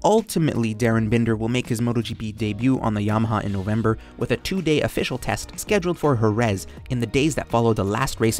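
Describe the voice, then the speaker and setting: A man hosting a motorsport video, delivering scripted commentary full of sarcastic jokes. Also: medium pitch. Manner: joking, sarcastic asides. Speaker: YouTube motorsport channel host.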